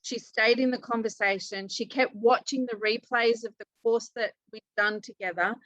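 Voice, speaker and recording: A woman self-love coach, guest in a casual interview, retelling a story with lively quoted dialogue. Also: a little high, normal speed, dry recording, rough recording.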